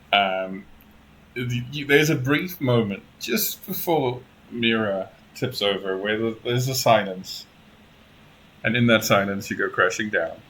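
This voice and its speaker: Slow-talking man running a tabletop game. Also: fairly low pitch, sharp tone, low-quality recording. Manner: easygoing, laughs often, halting narration. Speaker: game master.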